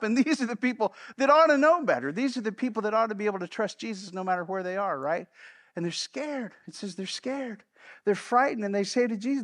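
A man preaching from the pulpit in a notably high voice. He drives his points home with a repeated refrain. He shifts between booming emphasis and soft, hushed asides. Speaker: pastor. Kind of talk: sermon. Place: church service.

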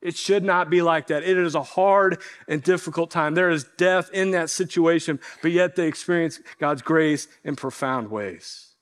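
High-voiced man preaching a sermon. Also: a bit bright. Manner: earnest, slows down to stress key lines. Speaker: pastor.

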